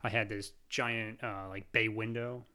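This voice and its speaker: A man's voice: on the low side, level tone, measured pace, pushed and bright. A young man in casual chat, an easygoing storyteller who laughs often.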